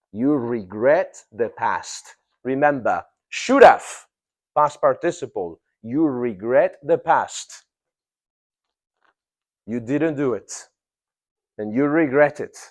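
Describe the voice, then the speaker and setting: A man teaching an English grammar lesson to a class, asking students questions and repeating key phrases slowly. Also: medium pitch, animated.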